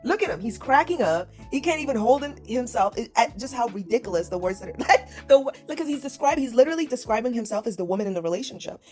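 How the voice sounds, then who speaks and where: Woman, scornful reaction commentary, repetitive, mocking tone, slightly high voice. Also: lively intonation, fast, hardly any pauses, darkish tone, faint music behind.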